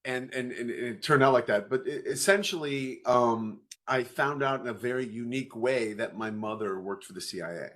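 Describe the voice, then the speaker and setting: Interview guest: man in his thirties at medium pitch, an animated storyteller who acts out each exchange. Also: moderate pace, few pauses. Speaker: guest parent.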